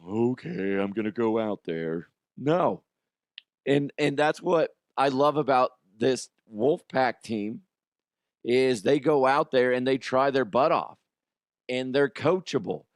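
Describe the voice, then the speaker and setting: A middle-aged man and show host telling a story in an animated way, jumping from loud outbursts to quiet asides. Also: medium pitch, dry recording, studio quality. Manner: excitable, swings from loud shouts to quiet asides.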